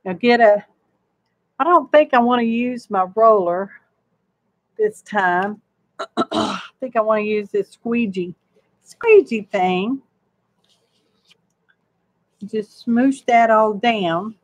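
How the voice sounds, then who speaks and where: A woman hosting a crafting channel works through a live demonstration, chatting in a homey, rambling way to herself and her viewers. Her mid-range voice moves slowly with long pauses, and the recording has no echo.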